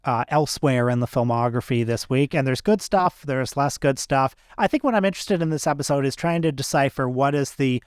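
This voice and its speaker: A man in a mid-range voice co-hosts a film podcast, steering the chat in a steady, explanatory way. His voice is smooth and resonant, and the recording is dry and close. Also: mid-range voice, fairly quick, few pauses, dry recording. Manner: steady, explanatory, leads the discussion. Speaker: podcast co-host. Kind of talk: casual film discussion.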